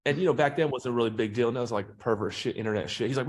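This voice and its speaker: A man at a middle pitch talks in a loose, profane way as a podcast guest. He tells his stories with plenty of energy and a casual swagger. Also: rapid-fire, few pauses. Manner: profane, animated storyteller. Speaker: podcast guest, sales trainer. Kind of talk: casual interview talk.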